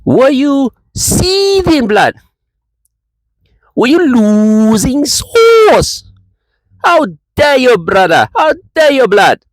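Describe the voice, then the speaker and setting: A man doing an impression of a loud, mocking male rival football fan in a put-on Jamaican accent. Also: big pitch swings, very slow, dry recording, full character voice, rough recording. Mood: gloating. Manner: mocking, repeating taunts with a high squeal.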